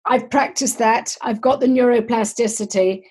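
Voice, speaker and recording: A woman's voice: fairly high pitch, steady tone, moderate pace, darkish tone, slightly rough. A woman hosting a podcast interview, asking her guest questions in a conversational way. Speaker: podcast host.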